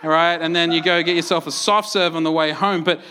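Animated Australian pastor, bright high voice. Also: male voice, fairly quick. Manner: animated, self-mocking, conversational, frequent "right?" and "like". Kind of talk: sermon with personal storytelling.

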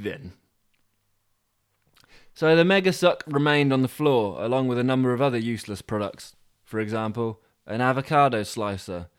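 A man narrating a comic story with dry, deadpan asides. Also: mid-range voice, clean tone. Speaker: podcast host and storyteller.

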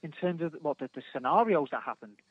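A man's voice: a little high, animated, fast talker, slightly rough, no room sound. A man calling in as a guest, chatting casually and self-deprecatingly about his studies. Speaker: phone guest, former footballer. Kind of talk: casual chat. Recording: dry phone line.

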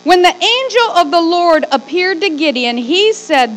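A woman pastor preaching a sermon in a lively way, with joking asides. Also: high voice, moderate pace, hardly any pauses, faint music behind, poor audio.

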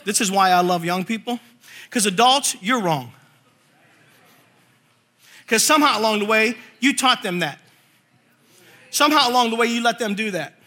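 A man preaching a sermon, reading scripture slowly and telling animated stories with jokes. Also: high voice. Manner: animated storytelling, jokes and voices; reads scripture slowly and forcefully. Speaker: pastor.

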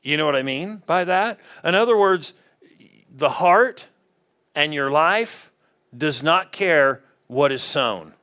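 Slow-talking man preaching a sermon. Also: fairly high pitch, lively intonation, sharp tone. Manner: conversational, asks the congregation questions. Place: church sanctuary.

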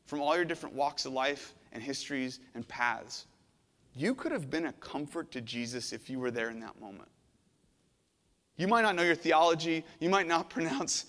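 Male pastor, slightly high voice, dramatic sermon retelling with loud-to-hushed swings, echoing church hall. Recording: long hall reverb.

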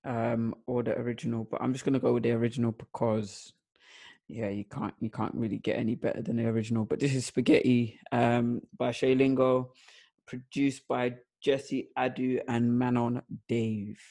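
A man's voice: medium pitch, level tone, normal speed, creaky, dark tone. A man co-hosting a music show in casual chat, laughing easily and hesitating with frequent ums as he presents songs. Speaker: radio show co-host.

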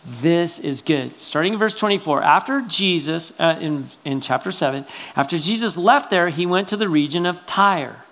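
A male pastor delivering a sermon in a chatty, animated style. He keeps checking in with his listeners through quick asides. His delivery jumps between loud exclamations and hushed remarks. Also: a little high. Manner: conversational, animated preaching with frequent "right?" asides.

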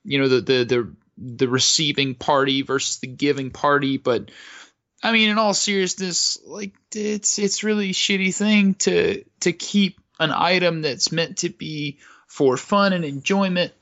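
A man's voice: fairly high pitch, steady tone, measured pace, sharp tone, muffled recording. A man co-hosting a comedy podcast, laid-back and dry, with lots of fillers. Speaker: podcast co-host. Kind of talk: comedic casual chat.

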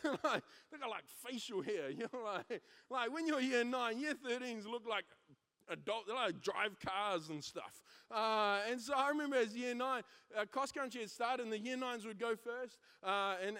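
A young man preaching a sermon, mixing scripture with a school story, energetic and emphatic with frequent restarts. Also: high-pitched, clean tone. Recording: long hall reverb.

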